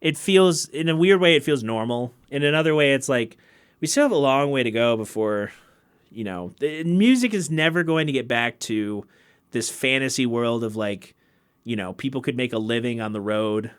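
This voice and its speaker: A man's voice: medium pitch, animated, moderate pace, smooth. A man hosting his own podcast, chatting in a rambling, wry way and laughing often. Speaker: podcast host and musician. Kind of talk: casual solo podcast chat. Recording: loud keyboard music under the voice.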